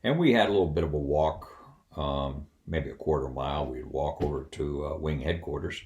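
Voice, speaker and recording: An older man, a retired Air Force officer, telling personal anecdotes in a folksy, animated way with wry humor. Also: rumbling low, normal speed, slight background noise.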